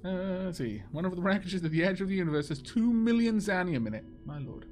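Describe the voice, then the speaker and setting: Welsh male game streamer, quick and chatty, fairly high and very lively pitch, self-mocking, soft music underneath. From Wales. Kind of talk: casual live-stream chat over gameplay.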